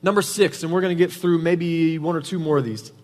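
Male pastor, higher register, casual sermon delivery in a reverberant church. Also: fairly even intonation, brisk, a little mellow, soft background music. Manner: conversational preaching, frequent "right?" tag questions. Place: church sanctuary. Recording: reverberant hall.

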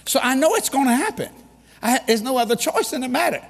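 A man preaching a sermon, telling stories with humor and bursts of shouting. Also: very high-pitched, fast, gravelly, in a large hall. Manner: animated storytelling with humor and sudden shouts.

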